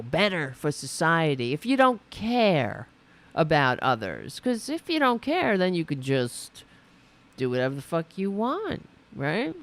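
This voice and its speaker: A woman hosts a livestream, reacting to clips with indignant sarcasm and plenty of swearing. Her pitch swoops widely as she talks, and she speaks at an unhurried, deliberate pace. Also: a bit bright. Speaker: political commentary host.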